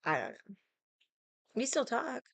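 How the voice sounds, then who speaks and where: A woman's voice: a little high, sing-song, measured pace, creaky, fairly bright tone, dry recording. A young woman hosting a casual livestream, ranting in a sassy, profane, rambling way and greeting viewers. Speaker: livestream host.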